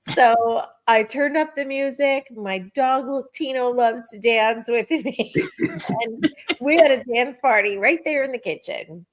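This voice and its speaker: Woman telling a story, animated and chatty. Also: fairly high pitch, unhurried. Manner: animated storytelling, acts out her own quoted thoughts. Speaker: podcast co-host. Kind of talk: casual spiritual chat.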